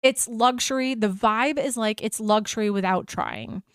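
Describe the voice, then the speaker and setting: A woman's voice: fairly high pitch, normal speed, clear, resonant tone, no room sound, studio quality. An American woman hosting a travel podcast, telling an enthusiastic, gushing story in a casual chat.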